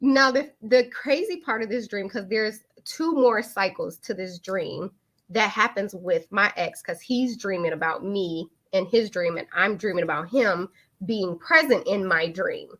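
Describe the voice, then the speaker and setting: An open, candid woman in her thirties tells a personal story in casual speech. She hosts a live online talk and jumps into lively voices when she quotes people. Her pitch sits in an ordinary middle range. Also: measured pace.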